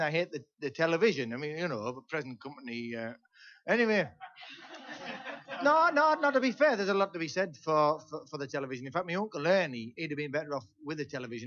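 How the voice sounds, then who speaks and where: A man's voice: on the high side, fairly bright tone. Chatty Teesside man spinning a comic yarn. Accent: Teesside English. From Teesside, England. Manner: rambling, chatty, with frequent "see?" asides. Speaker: folk singer and comedian. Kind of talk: comic stage storytelling. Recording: dull lo-fi VHS tape transfer.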